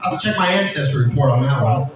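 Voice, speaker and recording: A man's voice: medium pitch, lively intonation, very fast. A man doing playful crowd-work stand-up at a small bar, teasing the audience. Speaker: amateur stand-up comedian. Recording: echoey bar from a distant mic.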